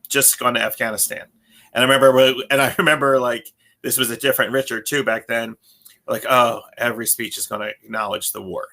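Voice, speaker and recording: A man's voice: medium pitch, creaky, sharp tone. A man in his thirties co-hosting a podcast, rambling in casual chat, often restarting his sentences and laughing. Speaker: podcast co-host.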